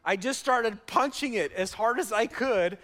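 High-voiced man preaching a sermon. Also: a little slow. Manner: animated storytelling, emphatic preaching. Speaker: pastor.

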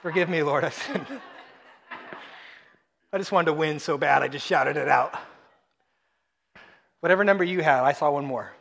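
A man preaching a sermon, animated and rising to near-shouts for emphasis. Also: a little high, normal speed, gravelly, long pauses, some chatter behind. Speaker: pastor.

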